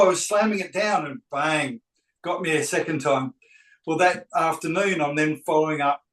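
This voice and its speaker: Male agent, slightly high voice, animated anecdote, acts out dialogue; roomy, off-mic sound. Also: far from the mic. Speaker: real estate agent telling a story. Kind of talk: anecdotal storytelling.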